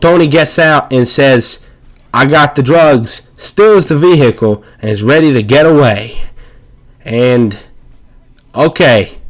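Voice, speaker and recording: A man gives a joking voice-over for gameplay footage in a mid-range voice. He rambles along sarcastically and plays up fake excitement. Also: mid-range voice. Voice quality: sarcastic, rambling, mock-hyped. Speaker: video narrator.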